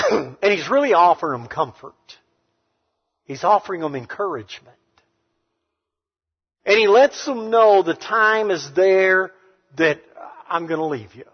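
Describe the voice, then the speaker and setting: Slow emphatic preacher in a reverberant hall. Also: male voice, high voice, expressive, slightly rough. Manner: emphatic, swings from hushed to loud. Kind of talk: sermon. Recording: reverberant hall, dull sound.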